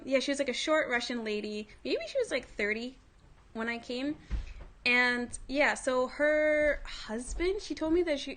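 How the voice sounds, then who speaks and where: Telling a relaxed story to her livestream audience, this woman leans heavily on fillers, especially "like." She has a high voice with a fairly bright tone.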